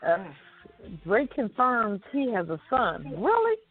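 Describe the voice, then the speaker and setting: A woman's voice: mid-range voice, lively intonation, a little slow. A woman reading celebrity news on a chat show, dropping in wry asides between items. The sound is tinny, like a phone line, with faint music underneath. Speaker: co-host reading entertainment news.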